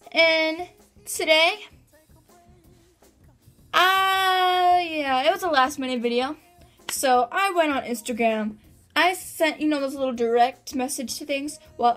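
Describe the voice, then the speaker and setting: A young woman chatting casually as a vlogger, bubbly and giggly with lots of filler words. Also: high-pitched. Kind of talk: casual vlog chat.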